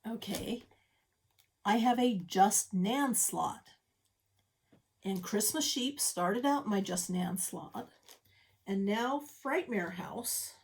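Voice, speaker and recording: A middle-aged woman shows off her cross-stitch projects in a casual show-and-tell vlog from her home craft room, chatty and self-deprecating, wandering into rambling asides. Her voice is medium-pitched, gravelly and animated, and she speaks slowly with long pauses, sounding a little out of breath.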